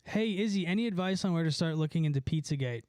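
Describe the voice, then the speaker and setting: A man's voice: fairly high pitch, animated, quick pace, darkish tone, smooth, no echo. A young man casually chatting on a live stream, laughing a lot and swearing as he mocks someone. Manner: laughing, mocking, profane.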